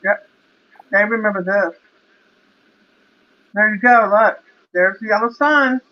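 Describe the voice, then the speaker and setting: A woman's voice: mid-range voice, takes it slowly. A woman co-hosting a casual livestream, chiming in with short, chatty replies. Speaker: co-host. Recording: dull lo-fi stream audio.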